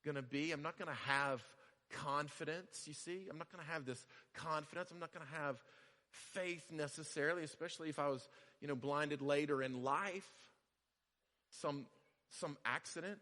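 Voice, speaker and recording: A male pastor preaches in a bright, fairly high voice, talking casually and repeating himself before rising to loud emphasis. His voice carries a long reverb from a church hall. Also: moderate pace. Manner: conversational, repeats phrases, builds to loud emphasis. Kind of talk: sermon.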